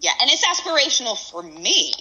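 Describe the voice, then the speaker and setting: A woman co-hosting a casual chat, animated and acting out quotes in voices. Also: on the high side, a little fast, rough recording. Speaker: podcast co-host. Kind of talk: casual chat about a reality show.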